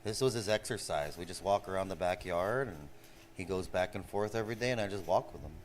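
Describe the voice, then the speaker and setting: A man's voice: low voice, brisk, a little hiss or hum. A man in his forties telling stories in loose, profane casual chat, often tossing in "bro". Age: 40s. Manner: loose, profane, animated, says "bro" a lot. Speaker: streamer.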